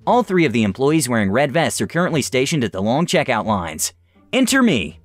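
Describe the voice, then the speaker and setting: Young male story reader, expressive and animated, mid-pitched, dry close sound. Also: no echo. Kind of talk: reading online stories aloud.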